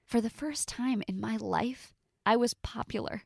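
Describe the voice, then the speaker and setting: A woman in her twenties narrating a first-person story in a confessional tone, with dramatic pauses. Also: fairly high pitch, gravelly, darkish tone, no echo, studio quality.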